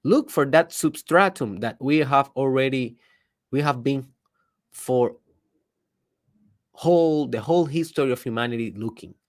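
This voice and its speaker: A man's voice: medium pitch, a little slow, long pauses. Emphatic man giving a motivational talk. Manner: emphatic, swings between loud bursts and hushed asides; rhetorical questions to the listener. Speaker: podcast host, personal development speaker. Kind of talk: motivational monologue.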